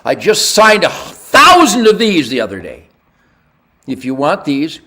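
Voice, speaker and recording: Older guy ranting on his podcast, crude, bright forceful voice, jumps all over in pitch. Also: huge pitch swings, measured pace. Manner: brash, ranting, crude jokes, swings from low mutters to loud shouts. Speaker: podcast host. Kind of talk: rambling podcast monologue.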